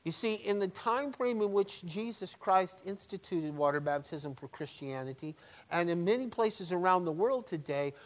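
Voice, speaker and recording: A middle-aged man, a pastor, preaching a sermon, swinging between loud emphatic stresses and quiet asides. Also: high-pitched, rough recording.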